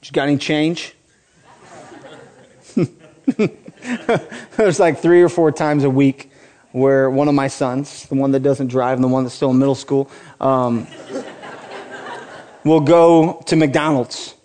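A man's voice: mid-range voice, steady tone, slow, long pauses, warm tone, some chatter behind. A man in his forties, a pastor preaching a sermon with passion, building to emphatic peaks and breaking off into playful asides.

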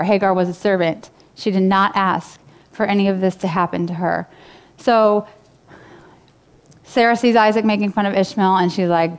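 A woman's voice: medium pitch, clean tone. Female pastor, casual sermon delivery, clean resonant voice. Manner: casual, conversational preaching with fillers.

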